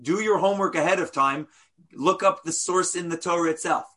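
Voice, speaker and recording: A man teaching a class as a rabbi, animated, full of rhetorical questions and playful asides. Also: sits high, a little fast.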